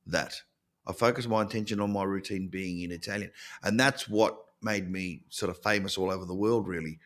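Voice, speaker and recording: Australian comedian with a low voice. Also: male voice. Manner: lively storyteller with many restarts. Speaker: comedian guest. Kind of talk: casual interview chat.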